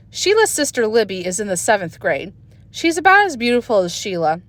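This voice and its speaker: A woman's voice: medium pitch, brisk, dry recording. A woman reading a children's book aloud expressively, recorded on a phone. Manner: expressive storytelling. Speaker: reader.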